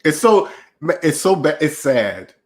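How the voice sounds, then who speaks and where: Male streamer host, high-ish voice, preachy mocking rant, tail end of a cold. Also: big pitch swings, measured pace. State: getting over a cold. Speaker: channel host. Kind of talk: livestream rant reading chat.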